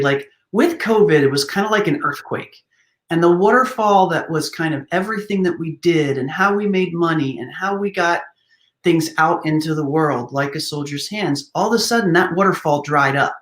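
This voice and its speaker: A woman's voice: deep voice, animated, normal speed. A woman hosting a casual interview, enthusiastic, laughing easily and asking prompting questions. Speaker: host. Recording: echoey room.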